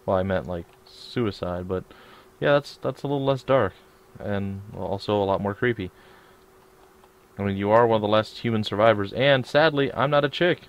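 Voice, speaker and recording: A man's voice: fairly low pitch, moderate pace, dull audio. A man hosting a let's play video, chatting casually and joking while he plays. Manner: joking, chatty, mumbles asides. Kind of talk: casual gameplay chat.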